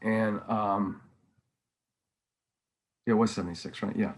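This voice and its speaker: Halting, rambling man telling stories. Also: on the low side, steady tone, poor audio. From New England. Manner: rambling, halting, many ums and restarts. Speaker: podcast guest, painter. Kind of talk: casual conversational interview.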